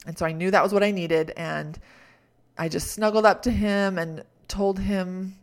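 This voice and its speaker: A woman's voice: medium pitch, fairly even intonation, moderate pace. Candid woman telling a personal story. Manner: candid, reflective, laughs often at herself. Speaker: podcast host. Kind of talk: personal storytelling and life coaching.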